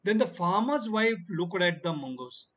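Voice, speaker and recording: A man's voice: high voice, expressive, normal speed, a bit bright. A man teaching a class over a video call, repeating himself and asking questions he then answers. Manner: repetitive explaining, asks and answers his own questions.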